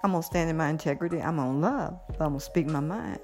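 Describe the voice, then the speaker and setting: A woman's voice: low voice, fast talker, soft background music. A middle-aged woman in a casual monologue, giddy and blunt, cursing freely and laughing often. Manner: giddy, animated, swearing freely, frequent laughter. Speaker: vlogger.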